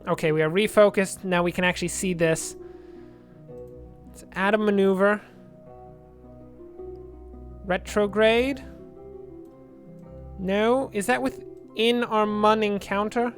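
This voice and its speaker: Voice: mid-range voice, steady tone, slow, long pauses, faint music behind. A let's play gamer giving chatty game commentary, thinking aloud and drifting into jokey tangents.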